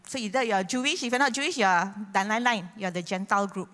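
A woman preacher, giving a sermon and acting out quoted voices with sudden loud bursts. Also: medium pitch, animated, quick pace. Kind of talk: sermon with prayer. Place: church hall. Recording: long hall reverb.

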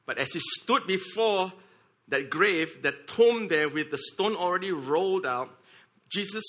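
Guy preaching, very bright sharp tone, bit high, keeps going "right? okay?". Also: expressive, unhurried. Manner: repeats words, checks in with "okay?" and "right?"; leads the congregation in shouting together. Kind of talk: sermon.

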